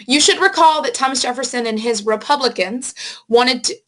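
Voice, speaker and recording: A woman teacher giving a recorded history lecture, explaining events to students with casual asides and quick self-corrections. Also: sits high, fairly bright tone. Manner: explanatory, addresses students directly with reminders. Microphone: screen-recording microphone.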